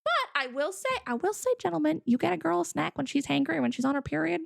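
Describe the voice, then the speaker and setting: A young woman hosting a relaxed live stream, talking in a chatty, animated way and doubling back on her words. Her voice sits high and moves a lot. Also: fast, gravelly. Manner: chatty, animated, repeats herself, laughs often. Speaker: stream co-host. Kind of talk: casual live-stream chat.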